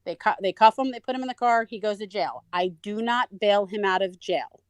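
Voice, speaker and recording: Guest woman with a mid-range voice, animated storyteller, dry and close. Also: mid-range voice, a little fast, dry recording. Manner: animated, acts out quoted voices. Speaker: interview guest. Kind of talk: conversational storytelling.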